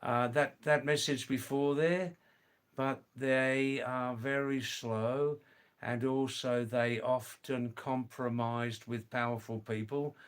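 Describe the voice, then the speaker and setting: A middle-aged man hosting a livestream, reading viewer comments aloud and slowly, gently correcting their English. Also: mid-range voice, fairly even intonation, clear, resonant tone. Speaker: livestream host.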